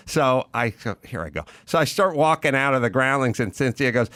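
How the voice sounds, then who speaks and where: Middle-aged guy hosting, animated storyteller, dry close sound. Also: medium pitch, a little fast, hardly any pauses, dry recording. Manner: animated storyteller, loudly imitating others. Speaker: podcast host. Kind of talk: casual storytelling chat.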